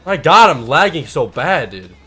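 A man giving live, profane gameplay commentary, mostly laid-back and mumbling, bursting into shouts at big plays. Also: a little high, lively intonation, normal speed, husky, soft background music. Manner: profane, swears constantly. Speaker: gaming channel host.

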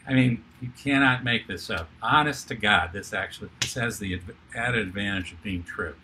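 Older man, bright lively storyteller. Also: fairly low pitch, normal speed, a little hiss or hum. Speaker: author and TV producer, guest. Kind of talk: animated anecdotal storytelling.

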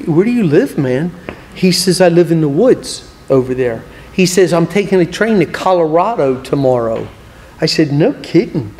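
A man's voice: a little high, darkish tone. A man preaching as an evangelist, telling stories animatedly and acting out both sides of each conversation. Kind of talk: sermon storytelling. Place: church hall. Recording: long church hall reverb.

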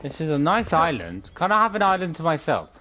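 A young gaming streamer chats casually while playing, rambling and playful, humming and doing silly sound bits as he comments on the game. His voice is fairly high, sing-song, pushed and bright, and he talks fairly quickly.

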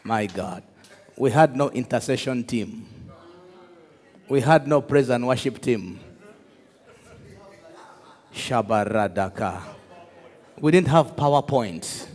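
Pastor man preaching slow and lively, big echoey hall. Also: mid-range voice. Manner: animated storytelling, laughs, shouts to the crowd. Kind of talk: sermon. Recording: echoey hall with long reverb.

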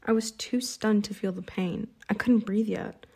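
A woman reading an audiobook in the first person, with tense, steady storytelling. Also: mid-range voice, moderate pace, slight background noise. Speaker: audiobook narrator.

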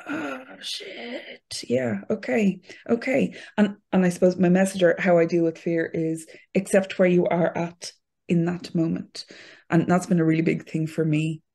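Gravelly-voiced candid Irish woman. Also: lowish voice, dark tone. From Ireland. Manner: frank, candid, laughs easily. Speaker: podcast guest. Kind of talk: casual interview chat.

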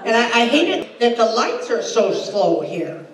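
An older woman comedy host does stand-up in a hall with a laughing audience, firing off deadpan one-liners and quoted voices in a dry delivery. Her voice is fairly high and a little slow. A distant mic in the roomy hall picks up echo and crowd laughter.

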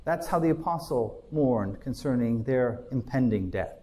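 A man's voice: mid-range voice, lively intonation, moderate pace, dark tone. A man preaching a sermon as a pastor, reading scripture aloud with earnest, dramatic emphasis.

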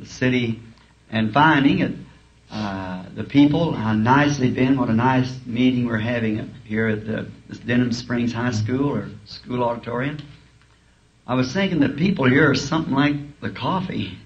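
A man's voice: mid-range voice, normal speed. A male preacher telling humorous, folksy stories in a sermon, chuckling as he talks. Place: school auditorium. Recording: dull lo-fi archive tape, faint hiss.

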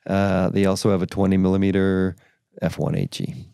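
A man's voice: sits low, flat delivery, normal speed, creaky, warm tone, clean tone, no echo, studio quality. A man co-hosting a podcast, reading product listings aloud in a casual, slightly hesitant way. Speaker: podcast co-host.

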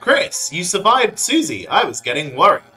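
Streamer playing officious monster librarian, prim, bright voice, game dialogue. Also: medium pitch, sing-song, normal speed, faint music behind, rough recording.

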